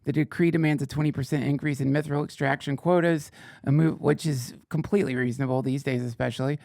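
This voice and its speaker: Male podcast host, gravelly, dry studio sound, swearing, sarcastic news-reading riffs. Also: on the high side, steady tone, fast, a little mellow, no room sound. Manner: profane, sarcastic asides, rambling. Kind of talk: comedic reading of fake fantasy news.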